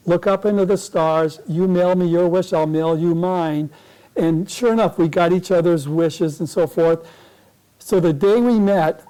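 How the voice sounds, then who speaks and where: A man's voice: high-pitched, dark tone, low-quality recording. A man speaking as a guest at a club meeting, telling a long personal story in a rambling way that often corrects itself.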